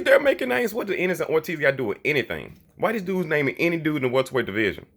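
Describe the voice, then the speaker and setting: A man's voice: mid-range voice, a bit bright, slightly rough. A man delivering a heated, profane monologue about boxing, blunt and repetitive, often mocking others in quoted voices. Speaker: boxing commentator.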